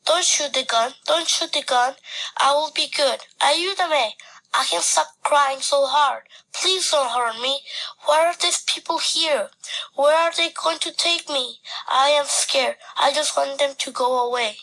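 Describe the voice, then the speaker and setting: Frightened little boy, high and bright, pleading near tears, as a woman puts him on, storybook reading. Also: a little slow, full character voice, rough recording. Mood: panicked pleading.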